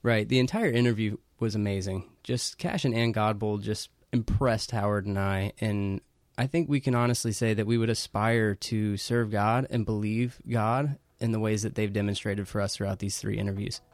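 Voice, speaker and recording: A man co-hosting a Christian show, reflecting on an interview in a measured way. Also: lowish voice, fairly even intonation, no room sound, studio quality. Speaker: podcast co-host. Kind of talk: casual commentary.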